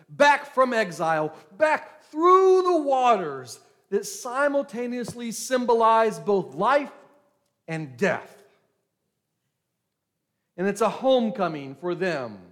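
A male pastor preaching a sermon in a dramatic way, drawing out key words slowly and building to emphatic peaks. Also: sits high, a bit bright.

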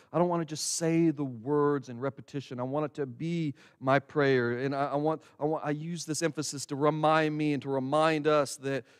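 A man preaching as a pastor, talking casually to the congregation and slowing to stress words when he recites a prayer. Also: a little high, smooth. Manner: conversational, with slow emphatic prayer recitation. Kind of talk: sermon. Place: church sanctuary. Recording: long hall reverb.

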